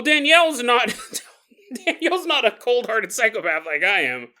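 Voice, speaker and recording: A man hosting a podcast, telling a creepy story in a casual, animated way, laughing often and jumping into quick kid voices. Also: a little high. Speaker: podcast host.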